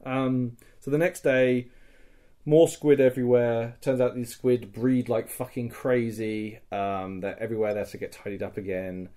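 A man's voice: mid-range voice, level tone, normal speed, mellow. A young man on a podcast, casually recounting a live-action role-play game in loose, rambling sentences with frequent swearing. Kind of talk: casual storytelling chat.

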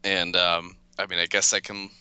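A man's voice: sits low, little pitch movement, moderate pace, bright, forceful tone, clean tone. A man co-hosting an improvised comedy podcast, talking casually with many fillers and restarts. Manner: casual, hesitant, filler-heavy. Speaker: show co-host.

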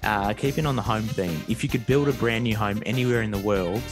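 Fast-talking male host. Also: fairly low pitch, over music. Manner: quick, eager, agreeable. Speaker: podcast host. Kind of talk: casual interview chat.

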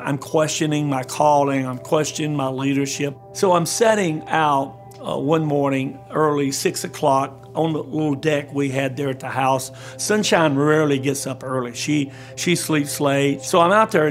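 An older man, a pastor telling a personal testimony in an interview, earnest and halting, often repeating his words. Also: fairly high pitch.

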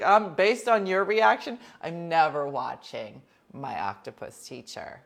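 A woman hosting a casual chat, telling rambling stories with quick whispered asides. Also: on the low side, gravelly.

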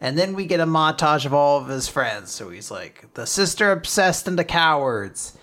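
Animated woman retelling a story. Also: deep voice, normal speed. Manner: animated retelling, acting out quotes with laughs. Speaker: podcast co-host recapping manga. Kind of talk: casual chat.

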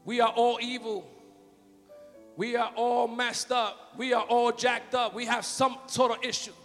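A man preaching a fervent sermon in a church, shouting and calling out hallelujahs. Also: very high-pitched, flat delivery, unhurried. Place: church sanctuary. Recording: long hall reverb with faint music.

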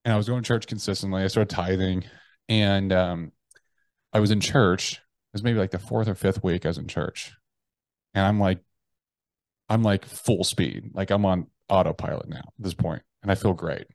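Low-voiced, blunt American man. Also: steady tone, normal speed, darkish tone, no room sound. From United States. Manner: frank, profane, restarts sentences often; acts out his own inner voices. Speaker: podcast guest. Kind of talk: candid interview storytelling.

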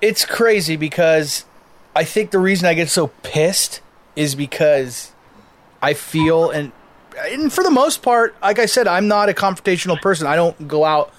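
A man's voice: a little high, animated, normal speed. A man co-hosting a casual podcast, telling a story, stammering and swearing as he gets heated. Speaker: podcast co-host.

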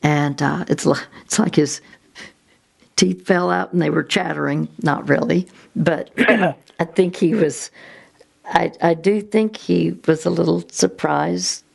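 Slow, gravelly-voiced woman telling a faith story. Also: lowish voice, steady tone. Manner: slow, gentle, with halting restarts. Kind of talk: reflective faith testimony.

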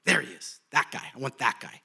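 A man's voice: mid-range voice, very animated, brisk, vocal fry, sharp tone, breathy edge, voice pushed down, exaggerated voice. A man doing a laid-back God in charge. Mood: easygoing. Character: relaxed, easygoing God in charge.

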